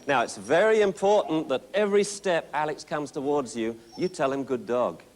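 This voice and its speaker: Lively upbeat man coaching a puppy class. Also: fairly high pitch, moderate pace. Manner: upbeat, coaxing, full of encouragement. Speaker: puppy trainer.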